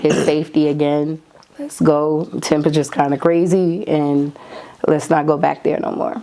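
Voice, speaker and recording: A middle-aged New woman, an artist manager, recounts her side in a candid interview. She talks bluntly and animatedly, slipping into the voices of people she quotes. Her voice sits fairly low for a woman. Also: normal speed, creaky. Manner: animated, acts out quoted lines, blunt and emphatic.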